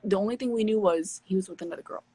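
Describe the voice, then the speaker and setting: A woman hosting a live stream, telling a personal story in a candid, animated way with plenty of swearing. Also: medium pitch, rapid-fire, husky, no echo. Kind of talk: casual storytelling chat. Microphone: phone on a live stream.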